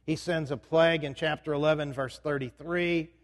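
A man's voice: a little high, steady tone, moderate pace. A male pastor preaching a sermon in a conversational way, often putting questions to the congregation. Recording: reverberant hall.

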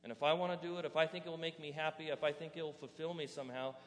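A male pastor delivers a sermon with animated energy, leaning on rhetorical questions to the congregation. His voice sits a little on the high side. The sound carries a long reverb, as if recorded in a large church hall. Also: very fast.

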